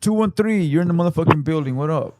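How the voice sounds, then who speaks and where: Hyped high-voiced LA podcast host. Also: male voice, animated, fast talker, soft background music. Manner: loud, hyped, swears freely. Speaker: podcast host taking callers. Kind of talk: casual live-stream chat.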